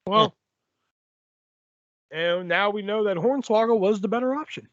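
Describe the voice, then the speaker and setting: A man's voice: high voice, a little slow, a bit bright, dry recording. A man hosting a casual podcast chat, laughing often and running the segments. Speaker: podcast host. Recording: dull lo-fi dry podcast mic.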